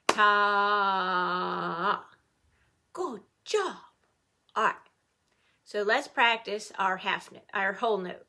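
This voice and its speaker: A middle-aged woman teaching an online music lesson to children, playful and animated, cheering the class on. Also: medium pitch, creaky, background noise.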